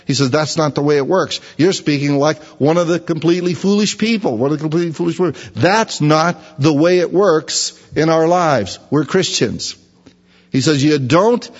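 Husky-voiced man preaching a sermon. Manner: conversational, acts out imagined voices in a higher pitch. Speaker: pastor. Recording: dull reverberant hall sound.

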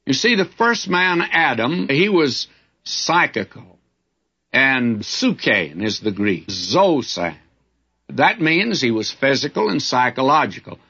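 A man teaching through a Bible passage in sermon style, folksy and emphatic, with lively storytelling asides. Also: medium pitch, takes it slowly, slightly rough, highs cut off.

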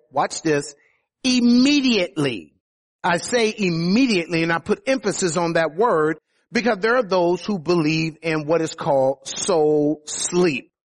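A man preaching a sermon, teaching from scripture verse by verse and stressing key words. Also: on the high side. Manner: emphatic, rises on quoted words.

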